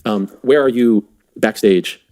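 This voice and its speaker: A man's voice: lowish voice, slow pace, darkish tone. A male interviewer asking probing questions and recapping facts for listeners.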